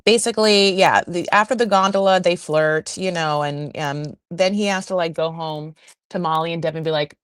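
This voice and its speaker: A woman hosting a podcast, chatting in a gossipy, animated way full of asides as she recaps a reality show. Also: fairly low pitch, normal speed, smooth, no room sound, clean studio sound. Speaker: podcast host.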